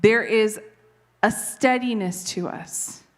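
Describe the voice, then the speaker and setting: A woman's voice: medium pitch, slow pace. A woman in her thirties from Canada, with a light Canadian accent, giving an earnest, conversational devotional Bible teaching. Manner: earnest, conversational, occasional laughs at herself.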